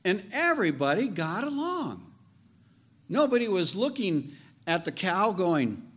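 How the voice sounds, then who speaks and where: A man preaching a sermon as pastor, animated and joking, leaning on slow emphatic phrases. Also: sits high, breathy edge.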